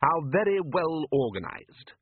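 A man voicing a cunning, aloof male ruler who speaks slowly and with dry irony in a spoken story. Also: on the high side, very animated, breathy edge, no echo, voice pushed up, exaggerated voice. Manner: measured, ironic, slow and deliberate. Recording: dry, tinny phone-like sound.

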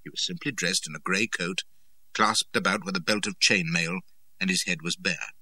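A man narrating a first-person adventure story, expressive and dramatic. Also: deep voice, normal speed, no room sound. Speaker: audiobook narrator.

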